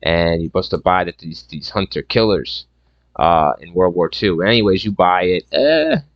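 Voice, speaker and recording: A man's voice: low-pitched, big pitch swings, normal speed, no room sound, highs cut off. A man giving a casual, profane and rambling movie review rant, sarcastic and full of restarts.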